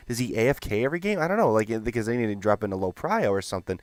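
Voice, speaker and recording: A young man telling a gaming story in a rambling, animated, profane way. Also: on the low side, very fast, few pauses, no room sound. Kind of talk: casual storytelling.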